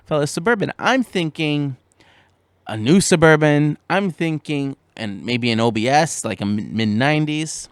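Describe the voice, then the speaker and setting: A man hosting a podcast, telling a story in a casual way, animated, with stammering restarts and a voice that jumps up when he gets exasperated. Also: a little high, moderate pace, smooth, no echo. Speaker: podcast host.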